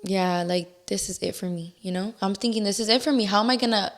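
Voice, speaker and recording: A woman's voice: mid-range voice, quick pace. A young woman guest in a casual interview, candidly retelling events with lots of "like" and re-enacted outbursts. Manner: candid, animated storytelling with many "like"s and re-enacted outbursts. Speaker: podcast guest.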